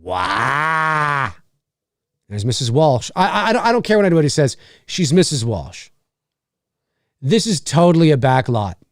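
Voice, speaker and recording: A man hosting a live movie watch-along, reacting out loud and swearing easily. His voice sits high for a man and leaps around, and the recording is dry and close. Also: dry recording. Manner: animated, swears freely, quick pitch jumps. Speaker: movie commentary host. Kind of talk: live movie commentary to chat.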